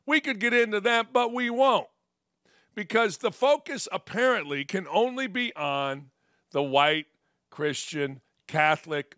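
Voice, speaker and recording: High bright-voiced guy ranting on a sports show, sarcastic and combative, dry close sound. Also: dry recording. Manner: combative, sarcastic, mocking quotes. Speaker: sports talk show host. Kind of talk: opinion commentary monologue.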